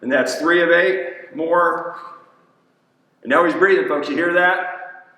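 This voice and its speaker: A man's voice: fairly high pitch, takes it slowly, sharp tone, far from the mic. A man, a personal trainer, coaching an exercise demo in a gym in an upbeat, chatty way and counting reps aloud. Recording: echoey gym, voice from off-mic.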